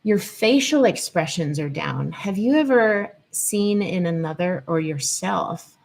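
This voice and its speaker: A woman's voice: lowish voice, animated, unhurried, gravelly. A woman hosting a live-stream lesson, chatting and greeting viewers as she goes. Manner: chatty, digressive, greets viewers mid-talk. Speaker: host and teacher on the nervous system. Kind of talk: live-stream teaching talk. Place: at home in Colorado.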